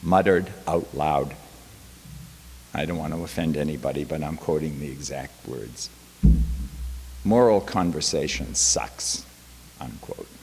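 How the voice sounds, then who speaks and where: A man's voice: extremely low pitch, moderate pace, gravelly, darkish tone, a little hiss or hum. A male professor giving a chapel talk, telling a classroom story with wry quoted asides. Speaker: guest speaker, professor. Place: college chapel. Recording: long hall reverb.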